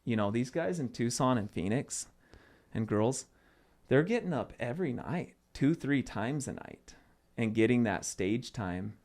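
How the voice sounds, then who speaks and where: A man's voice: medium pitch, a little slow. Chatty young man telling stories. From Arizona, US. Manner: animated storytelling with loose fillers. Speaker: guest comedian. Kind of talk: casual podcast chat.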